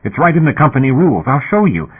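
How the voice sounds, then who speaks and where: A man voicing an angry, argumentative male miner who is loud and short of breath. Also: mid-range voice, very animated, fast, slightly rough, pitched above the performer's own voice. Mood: heated, insistent. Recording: tinny phone-like audio.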